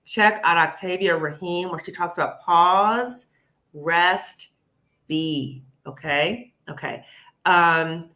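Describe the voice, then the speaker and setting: A woman's voice: fairly low pitch, slow, pushed and bright. A woman hosting a live panel discussion, encouraging and emphatic, often saying "okay?" and "sis". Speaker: host.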